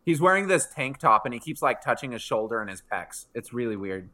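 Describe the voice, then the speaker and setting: A man co-hosting a casual chat, retelling a TV episode with animated asides and acting out lines. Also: mid-range voice, fairly quick. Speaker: podcast co-host.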